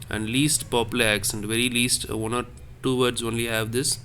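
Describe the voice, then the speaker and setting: A man teaching a French class online, explaining slowly and correcting himself as he repeats words. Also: medium pitch, level tone, bright, forceful tone, a little hiss or hum. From India. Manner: slow, repetitive explaining with self-corrections.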